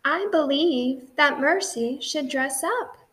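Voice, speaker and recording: A woman's voice: sits high, slow pace, fairly bright tone, pitched above the performer's own voice. A woman voicing a fussy, doting middle-aged housewife in a children's audiobook, with a gushing, genteel, emphatic manner.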